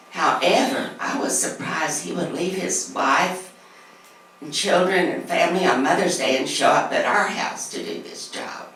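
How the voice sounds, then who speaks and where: A middle-aged woman reading a personal story aloud in a church class, earnest and measured. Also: deep voice, fairly bright tone. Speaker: class speaker. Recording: echoey room from far off, faint hiss.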